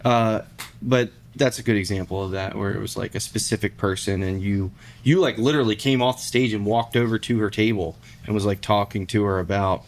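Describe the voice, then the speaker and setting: Brief: male podcast co-host, somewhat low voice, loose, anecdotal delivery. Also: brisk. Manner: rambling, storytelling, lots of fillers. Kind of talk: casual chat.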